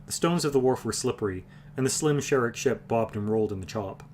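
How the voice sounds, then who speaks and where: A man reading a fantasy novel aloud on a livestream, even and unhurried, with the occasional restart. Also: medium pitch, a little hiss or hum. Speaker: reader. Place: home livestream.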